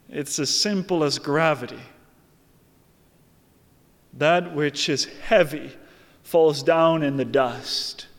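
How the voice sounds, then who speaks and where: A man preaching a sermon, slow and emphatic, swinging from hushed lines to raised ones. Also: on the high side. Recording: long hall reverb.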